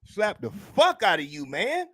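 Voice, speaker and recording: Man, podcast host, high voice, casual profane rant, animated, dry close sound. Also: unhurried, dry recording. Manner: profane, animated, mimics people in mocking voices.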